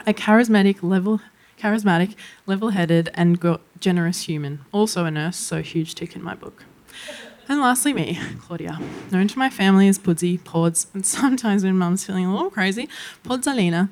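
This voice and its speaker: A woman's voice: medium pitch, a little fast, a little hiss or hum. Laughing Australian woman telling a story. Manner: lively, laughs through her lines. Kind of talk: comedic personal storytelling.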